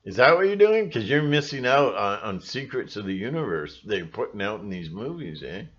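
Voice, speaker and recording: A man's voice: fairly low pitch, sing-song, moderate pace, a bit bright, dull audio. A man in a rambling, emphatic monologue, full of restarts and asides, speaking to his channel's viewers. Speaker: channel host. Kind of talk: monologue to camera.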